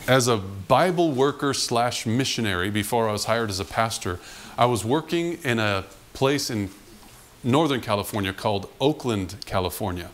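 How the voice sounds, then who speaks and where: A pastor with a mid-range voice speaks at a moderate pace, with a slight hiss or hum in the background. During his sermon he animatedly shares a personal story from his past, acting out the people involved.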